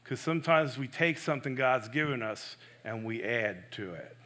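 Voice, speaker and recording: A man preaching a sermon in an earnest, emphatic way. He swings between loud stresses and soft, hushed asides. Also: mid-range voice, expressive, moderate pace. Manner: self-correcting, personal and earnest.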